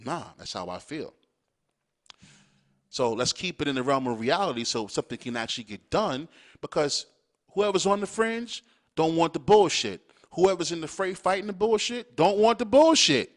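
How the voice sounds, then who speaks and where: A man's voice: a little high, animated, normal speed. A man hosting a podcast, ranting bluntly and profanely, hammering his points home with repeated check-ins to the listener. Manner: emphatic, hammering points with "all right?". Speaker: podcast host. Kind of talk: opinionated monologue.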